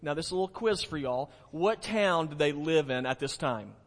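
A male pastor, preaching a folksy sermon that jokes with the congregation and slows down for emphasis. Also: fairly high pitch, expressive. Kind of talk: sermon with a told joke. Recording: long hall reverb.

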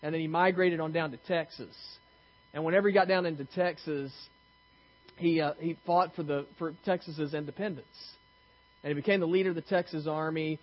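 A man's voice: fairly high pitch, steady tone, fairly quick, highs cut off. A man preaching a sermon in a conversational, self-deprecating way, telling stories and often restarting his sentences. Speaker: pastor.

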